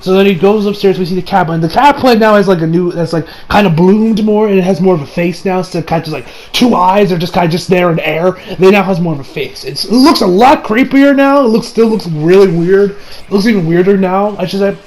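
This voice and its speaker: A man with a notably high-pitched voice talks through an anime episode he just watched. His recap is casual and excitable, full of restarts and casual swearing. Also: brisk, poor audio. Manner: excitable and rambling, swears freely, restarts sentences.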